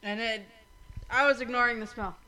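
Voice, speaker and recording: A woman's voice: on the high side, steady tone, moderate pace, crowd noise, poor audio. A woman co-hosting a podcast, chatting bluntly and swearing freely. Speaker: podcast co-host. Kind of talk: casual banter.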